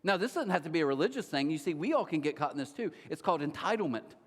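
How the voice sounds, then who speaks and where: A middle-aged man preaching a sermon, telling stories from his own life in an animated way with sudden jumps in pitch. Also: racing, slightly rough. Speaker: pastor. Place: large church hall. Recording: long hall reverb.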